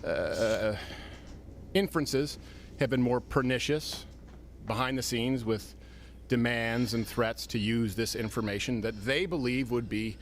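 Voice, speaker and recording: A man giving a measured public statement, halting with fillers. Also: mid-range voice, slight background noise.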